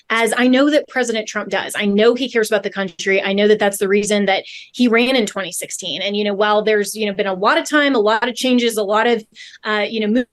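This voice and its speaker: A woman hosting a political talk show, speaking earnestly and at a measured pace with frequent fillers and restarts. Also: mid-range voice. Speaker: host.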